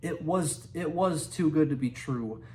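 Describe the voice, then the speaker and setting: A man's voice: a little high, measured pace, a little mellow, a little hiss or hum. A man reading a children's book aloud, laughing now and then and restarting words. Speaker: reader.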